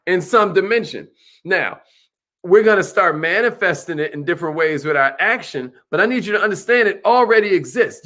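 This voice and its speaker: A man's voice: high voice, lively intonation, brisk, sharp tone. A man giving an emphatic motivational talk, repeating questions and hyping up his listeners. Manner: emphatic, repetitive, hyped, calls listeners millionaires. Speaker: motivational speaker.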